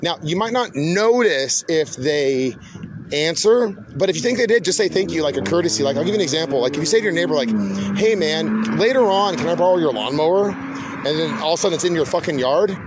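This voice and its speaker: A man's voice: on the high side, lively intonation, fairly quick, noisy background. A man hosting a podcast in a rambling, casual monologue, laid-back and swearing often, calling people "dude". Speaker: podcast host.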